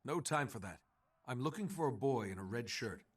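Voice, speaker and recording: An earnest male hero from a fantasy video game, polite and straightforward. His voice is slightly husky, with lively, expressive intonation. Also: medium pitch, a little fast, recorded from a distance. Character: earnest male hero searching for a lost child.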